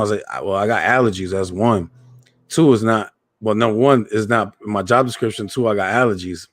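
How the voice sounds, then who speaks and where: A man with a fairly low voice tells a story in loose casual chat, relaxed and swearing freely. The sound is dry and close, with little room echo. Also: brisk. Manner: laid-back, profane, laughs at own story.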